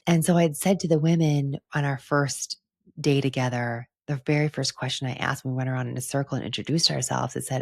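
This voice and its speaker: A middle-aged woman hosting a reflective solo podcast, talking earnestly and gently about spiritual topics with "like" fillers and soft laughs. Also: rumbling low, fairly even intonation, a little fast, vocal fry, dry recording, studio quality. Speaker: podcast host and retreat leader.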